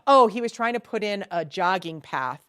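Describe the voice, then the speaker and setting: A woman co-hosting a casual chat, recapping a TV series in an animated, chatty way. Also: mid-range voice, moderate pace, clean tone, dry recording, clean studio sound. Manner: chatty and animated, breaks into loud exasperated quoted outbursts. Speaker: podcast co-host.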